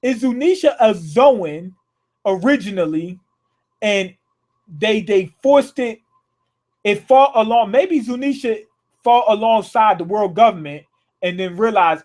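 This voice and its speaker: A man hosting a live manga reaction, reading panels aloud with restarts and cursing excitedly at what happens. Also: high voice, unhurried. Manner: profane, excitable, rereads lines aloud with many restarts.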